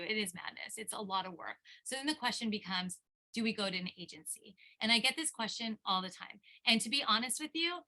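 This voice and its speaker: A woman's voice: mid-range voice, bright, forceful tone. A middle-aged woman attorney giving an impassioned seminar talk, telling a story with lots of restarts and repeated words. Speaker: elder law attorney speaking at a seminar.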